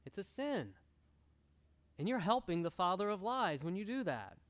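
A man's voice: high voice, big pitch swings, normal speed, a bit bright. A male pastor preaching an earnest sermon to a room, exhorting and repeating his key points. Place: church room.

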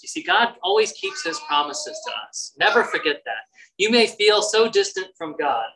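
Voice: mid-range voice, sing-song, normal speed, a crowd in the background, low-quality recording. A preacher giving a Bible-teaching sermon in an emphatic way, repeating key phrases for stress.

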